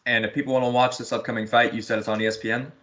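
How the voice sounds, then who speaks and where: A man's voice: mid-range voice, level tone, racing, fairly bright tone. A man hosting a podcast, asking plain questions in an easygoing, casual interview style. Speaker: podcast host.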